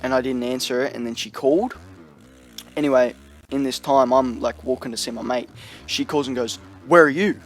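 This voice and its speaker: A man's voice: mid-range voice, fairly even intonation, moderate pace, slight background noise. A young man telling a story in a loose, rambling storytime vlog, full of slang and fillers. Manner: rambling, slangy, lots of "you know" and "like". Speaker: vlogger.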